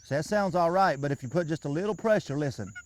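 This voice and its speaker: A man's voice: on the high side, fast talker, loud music behind the voice. A man giving a patient, folksy hands-on lesson outdoors, often repeating himself as he coaches a beginner. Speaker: turkey calling instructor.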